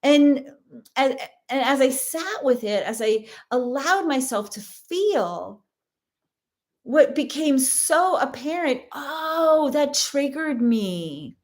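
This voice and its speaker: A woman's voice: high voice, lively intonation, slow pace. A woman host talking candidly in a personal, reflective monologue, earnest and full of fillers and restarts. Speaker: host and course teacher.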